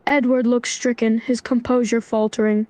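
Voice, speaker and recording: A text-to-speech woman's voice, narrating a melodramatic role-play story and speaking its lines in an even, scripted way. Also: on the high side, moderate pace, dry recording. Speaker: AI chatbot narrator.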